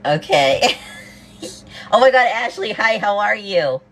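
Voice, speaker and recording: A woman's voice: medium pitch, lively intonation, slow pace, fairly bright tone. A woman from the US East Coast on a cooking livestream, bubbly, greeting viewers one after another and saying "oh my God" a lot. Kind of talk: casual livestream chat.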